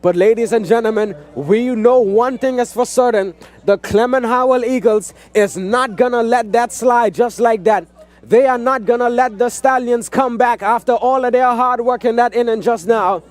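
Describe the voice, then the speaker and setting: A man from the Turks and Caicos Islands giving hyped live play-by-play commentary, often shouting and repeating "ladies and gentlemen" to the stream audience. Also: very high-pitched, moderate pace. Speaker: sports commentator. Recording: live stream with faint crowd and music behind.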